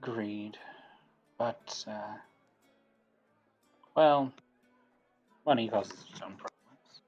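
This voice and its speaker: A man voicing a calm, watchful male adventurer who speaks in a measured, quiet way. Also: lowish voice, husky, muffled recording, soft background music, full character voice. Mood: reserved.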